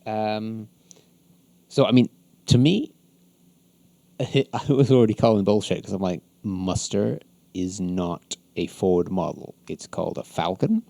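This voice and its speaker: A man hosts a podcast, talking through an episode in a loose, rambling recap. His voice is low, gravelly and warm, with frequent ums and soft chuckles. The sound is dry and close to the mic. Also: takes it slowly, long pauses, no room sound. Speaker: podcast host.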